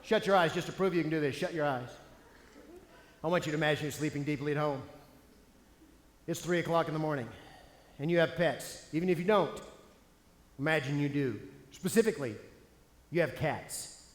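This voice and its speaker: A man giving a comedic stage seminar as a speaker, animated, punchy and playful. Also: on the high side, a little fast, long pauses. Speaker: motivational speaker. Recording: echoey hall, faint ambience.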